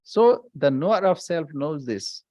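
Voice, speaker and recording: A male swami leads a scripture class at an unhurried, measured pace, often repeating a line to drive it home. He breaks into chanted verses between his explanations. The recording is dry and close, with almost no room sound. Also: fairly high pitch, very animated, darkish tone, dry recording. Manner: deliberate, repeats phrases for emphasis, chants verses.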